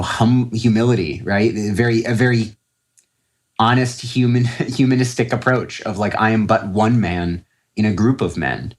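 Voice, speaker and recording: Deep-voiced man, rambling interview guest. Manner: rambling, many fillers and restarts. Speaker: podcast guest, trader. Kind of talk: casual interview talk.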